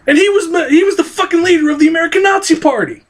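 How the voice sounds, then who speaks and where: A vlogger in an angry political rant to camera, cursing constantly and swinging from low mutters to high outbursts. The voice is strained, close to giving out. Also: racing.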